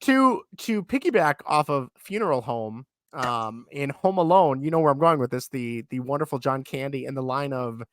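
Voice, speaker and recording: Animated man in his thirties, sick voice. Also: mid-range voice, moderate pace, hardly any pauses, slight background noise. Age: 30s. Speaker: podcast co-host. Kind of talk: casual chat.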